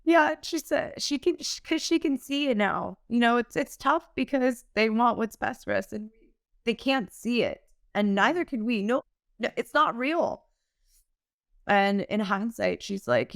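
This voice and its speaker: A young woman talks candidly as a guest in a podcast interview, earnest and emotional, often laughing. Her voice is smooth and clear at a middle pitch. The sound is close and dry, with no room around it. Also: animated, measured pace, dry recording. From United States. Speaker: singer-songwriter guest.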